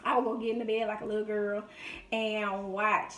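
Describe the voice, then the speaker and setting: A woman speaks at medium pitch and a moderate pace, her voice distant from the mic with slight hiss or hum and an echoey room around her. As a vlogger, she tells family stories during a food video, reminiscing chattily and mimicking those she quotes.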